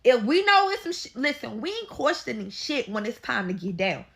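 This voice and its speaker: Chatty young St. woman, bright voice. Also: a little high, big pitch swings, moderate pace, vocal fry, breathy edge, no room sound. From St. Louis, USA. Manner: dramatic, chatty, keeps saying y'all. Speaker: storyteller. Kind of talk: casual storytime.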